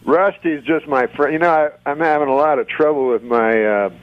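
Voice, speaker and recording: A middle-aged man, a comedian calling in to a radio show, telling a deadpan bit in a halting way with sudden laughs. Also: a little high, lo-fi sound. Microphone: phone.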